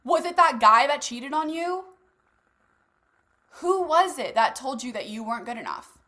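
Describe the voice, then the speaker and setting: A young woman leads a motivational group session in a high, bright voice. She talks casually and bluntly, drops swear words without fuss and speaks straight to her listeners like friends. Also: animated, moderate pace. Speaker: host leading a live masterclass. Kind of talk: motivational coaching talk.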